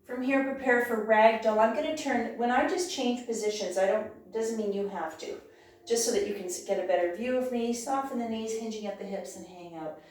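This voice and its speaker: A woman leading a yoga class with calm, encouraging cues, sometimes losing her voice. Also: a little high, a little fast. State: clearing her throat, losing her voice. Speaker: yoga instructor. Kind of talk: guided yoga class instruction. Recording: very echoey room, voice from far off.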